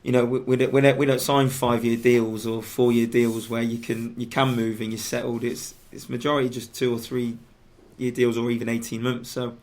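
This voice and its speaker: A man, a footballer guest in a radio studio, chatting casually and haltingly with many restarts and fillers. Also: medium pitch, flat delivery, darkish tone. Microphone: studio microphone.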